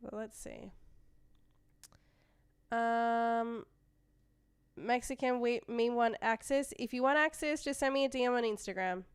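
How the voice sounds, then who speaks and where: Young aussie woman on a live trading stream, reads chat out loud, smooth clear voice, dry sound. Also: a little high, a little slow, long pauses, no room sound. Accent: Australian. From Australia. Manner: chatty, reads chat messages aloud, trails off and restarts. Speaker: livestream trading host.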